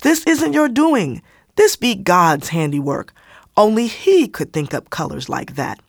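A woman voicing the oldest woman of an Amish community, gentle and firm, with old-fashioned speech. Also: medium pitch, sing-song, a little slow, gravelly, dry recording, studio quality, heavily acted. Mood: reassuring. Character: Martha, oldest Amish woman, kindly and authoritative.

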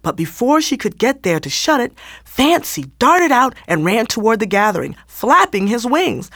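A woman reading a children's story aloud in an expressive, animated way. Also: a little high, normal speed, no echo, studio quality.

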